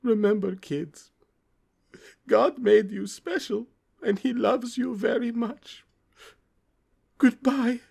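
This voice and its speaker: A man voicing a cartoon cucumber character saying a sad goodbye in a high, strained voice. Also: slow, creaky, pauses often, darkish tone, slightly rough, full character voice. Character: cartoon boy cucumber, timid and cheerful, male child.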